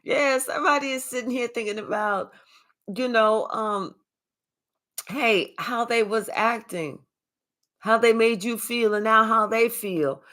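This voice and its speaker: A woman doing a live tarot reading, talking in a sassy, profane, animated way and chatting with her viewers. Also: fairly high pitch, a little slow. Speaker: tarot reader.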